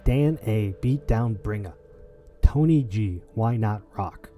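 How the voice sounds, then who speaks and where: A man hosting a gaming league podcast, chatting in an excitable, jokey way with lots of restarts. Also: lowish voice, slow pace, soft background music. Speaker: podcast host. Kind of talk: casual podcast chat and wrap-up.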